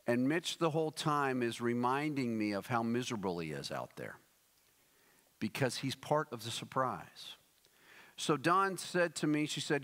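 A man preaching a sermon as a pastor, telling a story with lively acted-out quotes and then reading scripture aloud. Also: on the high side, normal speed. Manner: animated storyteller, acts out quoted voices. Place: church sanctuary. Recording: long hall reverb.

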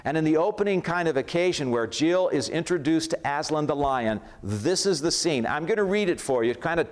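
A man preaching in a church, his voice sitting a little high for a man. He talks conversationally and builds up emphatic lists. The pace stays easy and unhurried. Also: lively intonation. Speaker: pastor. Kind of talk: sermon. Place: church sanctuary.

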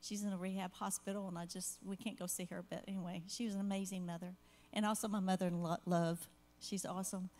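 An older woman speaks in an earnest, heartfelt way, giving parenting advice in a church Q&A. She rambles a little, drifting into asides before finding her point again. Her voice sits at an ordinary middle pitch for a woman. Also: flat delivery, fast talker, a little mellow. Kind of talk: church Q&A conversation.

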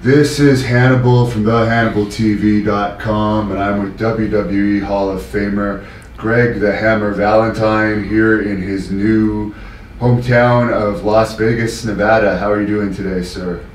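A man hosting an interview, asking plain, steady questions. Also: lowish voice, a little slow. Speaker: interview host. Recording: roomy, distant mic with faint noise.

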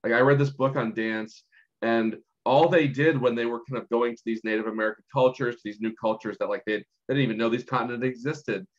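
A man's voice: mid-range voice, fairly even intonation, fairly quick. A man hosting a podcast in casual conversation, enthusiastic and affirming, reflecting on ideas. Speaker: podcast host. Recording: slightly dull, lo-fi sound.

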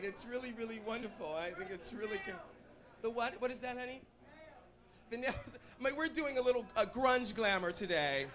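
A man performing as a drag queen, from Georgia, bantering with a club audience on a handheld mic in sassy, campy live stage chatter with a bubbly laugh. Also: extremely high pitch. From Atlanta, Georgia. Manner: sassy, campy, calls people honey and baby. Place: nightclub stage. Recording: live club recording, noisy crowd.

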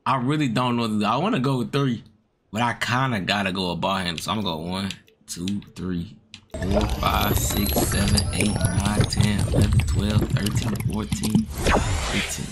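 A man talks his way through his own basketball video game with music playing under him. He mutters numbers and plans half to himself, then spikes loud and high when a shot drops, swearing and taunting the players on screen. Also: little pitch movement, moderate pace. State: out of breath. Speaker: gaming YouTuber. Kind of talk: live gameplay commentary.

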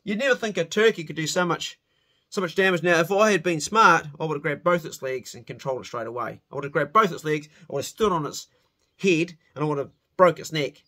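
A man's voice: on the high side, fast talker, sharp tone. A middle-aged man telling a rowdy personal story in a casual spoken way, swearing freely and laughing at himself.

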